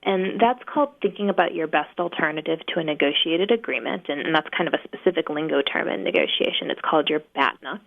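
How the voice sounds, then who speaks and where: Low gravelly woman on a phone line. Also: fast talker, few pauses. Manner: practical, steady, filler-heavy explaining. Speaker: negotiation trainer, guest. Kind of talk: explanatory interview talk. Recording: phone-line guest audio.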